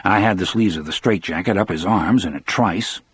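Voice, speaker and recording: A man's voice: sits low, moderate pace, fairly bright tone, breathy edge. A man narrating an audiobook in the first person, with a dramatic storyteller delivery.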